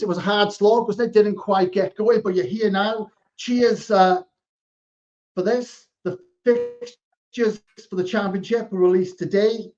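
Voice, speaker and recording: A man hosting a podcast, asking questions in a relaxed, joking way. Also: high-pitched, highs cut off. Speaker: podcast host. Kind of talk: casual podcast chat.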